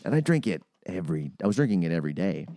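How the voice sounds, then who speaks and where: A man in his thirties co-hosting a podcast, telling stories in a casual, animated way with plenty of swearing. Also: low voice, racing, no room sound, studio quality. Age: 30s. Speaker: podcast co-host. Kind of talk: casual chat.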